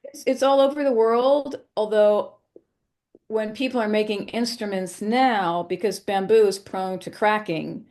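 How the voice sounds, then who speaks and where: A woman's voice: medium pitch, fairly even intonation, a little slow, a little mellow. A woman flutist being interviewed on a podcast, explaining things in an informative, conversational way with occasional ums. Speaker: flutist guest.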